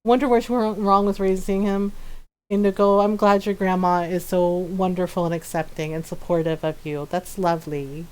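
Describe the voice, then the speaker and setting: A woman's voice: fairly low pitch, flat delivery, normal speed, a little mellow, clear, resonant tone. A woman streaming a game, chatting casually with viewers, telling stories and laughing often. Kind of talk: casual gaming stream chat.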